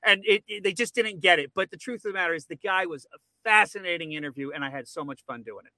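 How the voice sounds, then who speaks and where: A man guest in a casual podcast interview who rambles and repeats words when excited. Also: a little high, fast, no echo.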